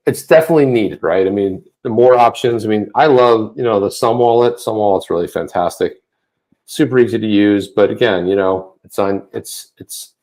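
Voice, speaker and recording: A man co-hosting a casual livestream chat, rambling with many restarts and getting animated when he rants. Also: lowish voice. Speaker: co-host. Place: home office.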